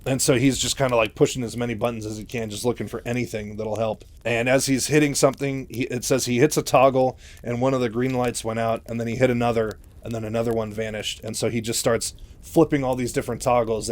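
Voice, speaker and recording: A man retelling a novel's story in a relaxed, chatty way. His delivery is loose and full of fillers and restarts, and his voice sits at an ordinary middle pitch.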